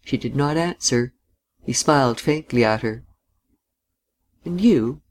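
Man, audiobook narrator, measured literary reading, middle pitch, even delivery. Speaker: audiobook reader. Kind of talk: scripted narration.

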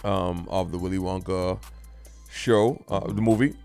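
A man co-hosting a casual morning show, wry and joking, talking in an animated way. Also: low-pitched, a little slow, soft background music. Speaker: co-host. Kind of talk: casual chat.

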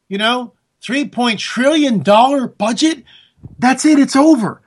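A man's voice: extremely high pitch, a little slow, slightly rough. A man hosting a political talk show, ranting sarcastically to his listeners. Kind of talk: political commentary monologue.

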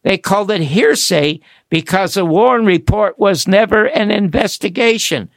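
An older man with a gravelly voice, a guest on a radio call-in show, spinning animated stories and acting out the voices of the people in them. His voice sits a touch high for a man and is recorded dry and close. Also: normal speed, dry recording. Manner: animated anecdotes, acts out quoted voices. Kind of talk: storytelling on a radio talk show.

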